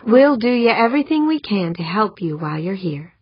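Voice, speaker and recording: A woman's voice: medium pitch, sing-song, brisk, slightly rough, no echo, pitched above the performer's own voice. A woman reading the part of a patient, encouraging young woman official in an audiobook. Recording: dry, dull lo-fi audiobook recording.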